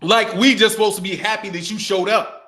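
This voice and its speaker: A man's voice: sits high, fairly even intonation, brisk, bright, forceful tone. A man hosting a boxing channel, ranting in casual commentary with profanity and mocking impressions.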